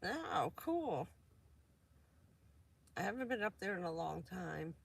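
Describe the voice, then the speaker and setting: A woman's voice: on the low side, sing-song, takes it slowly, gravelly, slightly rough. A woman from New Jersey chatting casually on a vanlife live stream, rambling and laughing often.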